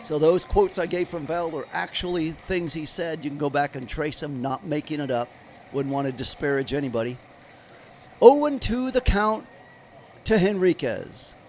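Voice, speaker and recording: A man's voice: fairly high pitch, moderate pace, a little hiss or hum. A man giving live play-by-play of a baseball game on a stream, chatting in rambling asides with viewers. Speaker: livestream baseball commentator.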